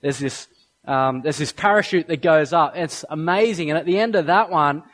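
A high-pitched man preaching a sermon. He tells animated stories, acting out lines and making sound effects as he goes. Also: moderate pace. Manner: storytelling, animated, acts out quotes and sound effects. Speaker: pastor.

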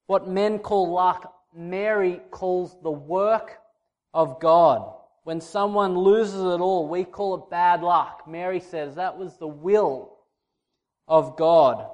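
A man's voice: high-pitched, takes it slowly, a little mellow. A male pastor preaching a sermon in a conversational way, now and then teasing his congregation.

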